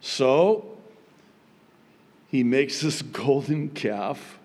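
A male pastor praying and then preaching, with bursts of loud, high emphasis on key words. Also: very slow. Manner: animated preaching with sudden emphatic pitch jumps. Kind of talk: sermon. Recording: long hall reverb.

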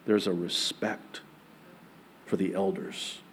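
A pastor in his forties preaching a sermon in a church, emphatic and joking, with big swings in pitch. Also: little pitch movement, slow pace, a little hiss or hum.

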